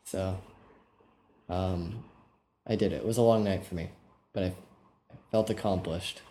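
A man's voice: deep voice, steady tone, unhurried, mellow. A man co-hosting a podcast, telling stories in a loose, rambling way with lots of filler words. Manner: rambling, easygoing, filler-heavy storytelling. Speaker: podcast co-host. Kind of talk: casual chat.

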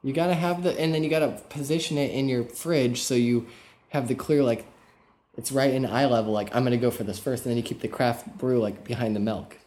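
A man's voice: medium pitch, fairly quick, a little mellow. A man co-hosting a podcast, telling stories in a loose, rambling way with lots of filler words. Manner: rambling, easygoing, filler-heavy storytelling. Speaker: podcast co-host. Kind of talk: casual chat.

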